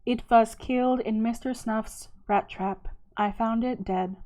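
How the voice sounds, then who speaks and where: A woman reading aloud, voicing an odd, gloomy grown man with a German accent who speaks slowly and mournfully. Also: a little high, steady tone, mellow, close to an everyday voice.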